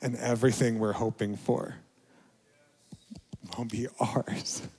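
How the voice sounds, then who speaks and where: Slow-speaking male pastor preaching. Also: medium pitch, little pitch movement, breathy edge, big-room sound. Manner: reflective, confessional, slow with soft dips. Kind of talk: sermon.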